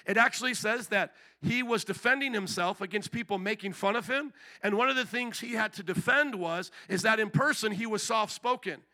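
A man's voice: high voice, fairly quick, hardly any pauses, pushed and bright. A man pastor preaching a sermon to his church, asking the crowd repeated rhetorical questions. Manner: preaching with rising intensity, repetitive rhetorical questions.

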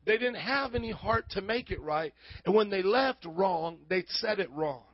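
High-voiced emphatic preacher. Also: male voice, animated, moderate pace, no echo, lo-fi sound. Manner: emphatic, call-and-response with the congregation. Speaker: pastor. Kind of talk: sermon.

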